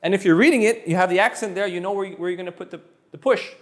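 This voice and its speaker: A high-pitched man who grew up speaking French teaches Spanish one-on-one. He talks in an animated, playful way, often repeating words and tossing in jokes. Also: rapid-fire. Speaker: Spanish tutor. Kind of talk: energetic one-on-one language lesson.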